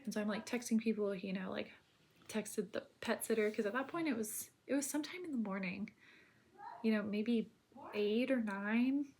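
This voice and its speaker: A woman telling her own birth story in casual, rambling speech full of filler words, now and then dropping to a soft near-whisper. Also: mid-range voice, moderate pace, a little hiss or hum.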